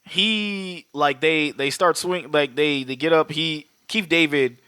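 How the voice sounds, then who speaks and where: A man co-hosting a podcast, excitedly recapping a movie fight with lots of swearing, laughter and acted-out quotes. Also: on the high side, slow, smooth, no room sound, clean studio sound. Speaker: podcast co-host. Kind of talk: casual profane movie recap.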